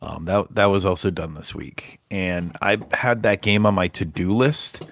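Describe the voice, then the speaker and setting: Low-voiced man chatting about games. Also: a little slow, vocal fry. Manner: relaxed, rambling, self-deprecating. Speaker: podcast co-host. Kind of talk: casual chat.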